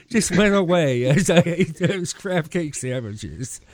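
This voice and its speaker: A man's voice: a little high, lively intonation, takes it slowly, no room sound. A man, hosting a podcast and telling a rambling, profane story. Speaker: podcast host. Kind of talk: casual chat.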